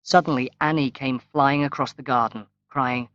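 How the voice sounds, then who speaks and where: A man reading a graded-reader story aloud as audiobook narration, slow and measured with long pauses. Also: mid-range voice, steady tone, a bit bright, no echo. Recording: dry, slightly dull lo-fi recording.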